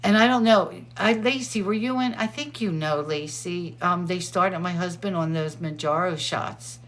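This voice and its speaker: A middle-aged woman hosting a show, chatting casually and excitedly, laughing often. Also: on the low side, normal speed, a little hiss or hum. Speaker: host. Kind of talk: casual chat.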